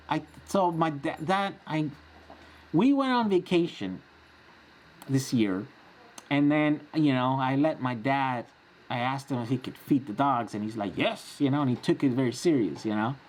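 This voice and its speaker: A man's voice: on the high side, lively intonation, measured pace. A man in his forties hosting a casual live-stream Q&A, chatty and rambling, often laughing as he answers. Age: 40s.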